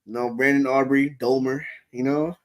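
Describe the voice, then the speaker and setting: A man co-hosting a casual sports chat, telling animated stories with plenty of swearing and acted-out reactions. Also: mid-range voice, normal speed. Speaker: co-host.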